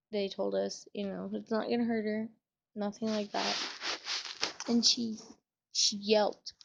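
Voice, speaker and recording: Tearful young woman with a gravelly voice. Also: mid-range voice. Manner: emotional, trying to hold back tears; casual, swears often, many fillers. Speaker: vlogger. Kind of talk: personal storytelling vlog.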